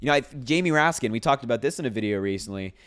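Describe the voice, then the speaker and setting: A man's voice: medium pitch, expressive, racing, fairly bright tone, clear, resonant tone. A man giving casual political commentary to camera, sarcastic and incredulous as he reacts to posts, breaking into laughs between points.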